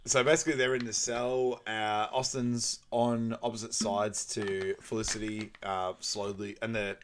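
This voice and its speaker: A man's voice: little pitch movement, a little slow, slight background noise. A man casually recapping a movie on a podcast, laughing often and acting out lines. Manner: laughs often, acts out movie quotes in high voices. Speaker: podcast co-host.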